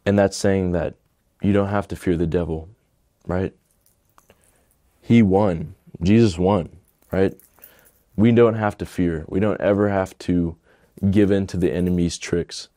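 A man's voice: low-pitched, fairly even intonation, a little slow, pauses often, dark tone, no room sound, studio quality. A young man telling his personal testimony in a casual, rambling way, earnest and emotional, filling his speech with "like". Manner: rambling, fills with "like".

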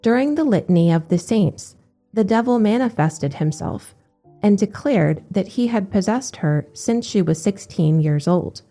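A woman giving a steady, measured scripted narration of religious accounts. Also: medium pitch, faint music behind.

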